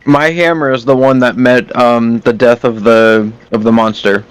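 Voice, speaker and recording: A friendly, self-assured adventurer, as a man plays him, speaking calmly and diplomatically in a game. The voice is smooth and clear at a middle pitch. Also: normal speed, no echo, close to an everyday voice. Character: friendly, confident male adventurer.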